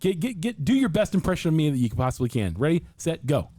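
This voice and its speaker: Podcast host, male, raised pitch, mellow tone, loose joking studio chat. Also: very animated, fast, no echo. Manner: loose, joking, repeats himself when starting sentences.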